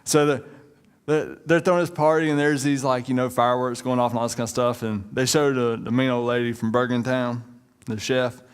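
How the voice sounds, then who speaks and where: A pastor in his thirties with a drawl delivers a relaxed, chatty sermon. He jokes with the congregation and talks to them like old friends, at an ordinary middle pitch for a man. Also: brisk, clean tone. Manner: conversational, joking, uses y'all.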